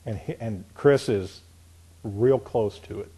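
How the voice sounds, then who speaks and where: A man preaching a sermon, questioning the congregation and reading scripture aloud, building from soft to emphatic. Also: fairly low pitch, slow, husky. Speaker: pastor.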